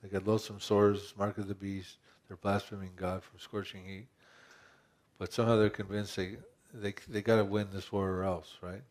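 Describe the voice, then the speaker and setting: A man's voice: fairly low pitch, little pitch movement, normal speed, a little mellow. A man pastor preaching a conversational sermon, asking rhetorical questions and often restarting his phrases.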